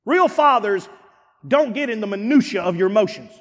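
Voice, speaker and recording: A man preaching a sermon as pastor, dramatic, dropping to a hush and then rising to shouts. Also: high-pitched, lively intonation, normal speed, big-room sound. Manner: dramatic, swings from hushed to shouting.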